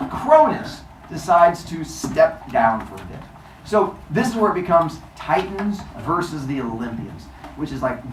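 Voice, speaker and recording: A man's voice: fairly high pitch, a little hiss or hum. Playful male teacher telling a myth. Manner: playful, jokey. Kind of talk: classroom storytelling. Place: classroom. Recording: roomy, distant mic.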